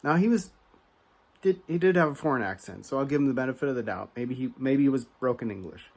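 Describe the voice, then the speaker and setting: A fast-talking American man with a medium-pitched voice hosts a card collecting channel and tells a story as a rant. He's animated and conversational, full of asides and restarts, and grows heated and emphatic as he goes.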